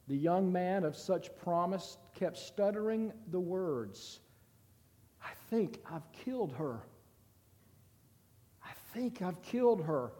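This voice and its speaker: A man reading a story aloud in a slow, deliberate and somber way, with a long reverb. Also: sits high, mellow.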